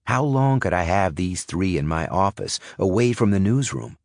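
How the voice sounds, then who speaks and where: A man reading a thriller audiobook in first person, measured and suspenseful. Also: low voice, big pitch swings, gravelly, a little mellow, no echo, studio quality. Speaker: audiobook narrator. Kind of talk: scripted audiobook narration.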